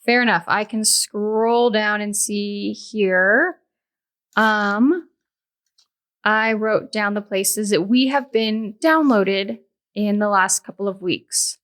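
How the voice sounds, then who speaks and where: A woman's voice: medium pitch, slow pace, a bit bright. A woman co-hosting a podcast, chatting playfully and reading from her notes. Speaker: podcast co-host. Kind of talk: casual chat.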